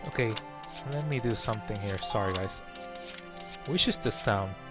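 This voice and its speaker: Chatty low-voiced gamer man. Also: moderate pace. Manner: rambling, chatty. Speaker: let's play commentator. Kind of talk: casual gameplay commentary. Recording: game music behind.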